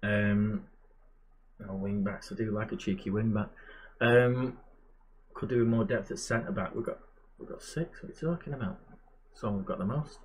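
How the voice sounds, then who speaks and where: A man's voice: lowish voice, moderate pace, pauses often, darkish tone, slight background noise. A man giving casual, chatty commentary while playing a management game, muttering asides to himself. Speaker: gamer and channel host.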